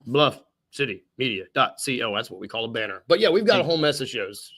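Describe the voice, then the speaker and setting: A man's voice: mid-range voice, very animated, fast, a bit bright, breathy edge. A young man hosting a podcast in casual chat, rambling and joking at his own expense. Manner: jokey, rambling, laughs at himself. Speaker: podcast host.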